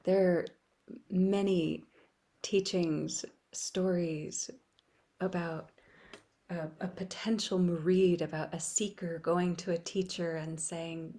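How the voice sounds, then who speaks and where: A woman leading an online spiritual practice, speaking softly and often dropping to a whisper, with playful asides. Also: lowish voice, flat delivery, slow pace. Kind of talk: gentle spiritual teaching.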